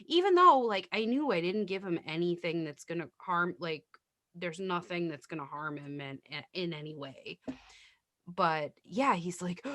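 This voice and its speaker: Woman, nurse, casual storytelling, blunt and profane, low voice, dry close sound. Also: normal speed, a bit bright, dry recording. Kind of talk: casual podcast chat.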